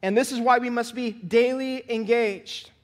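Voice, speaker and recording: A man with a notably high voice delivers a sermon from the pulpit. He preaches earnestly and emphatically, circling back to stress his points and urging his listeners to act. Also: steady tone, normal speed. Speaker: pastor.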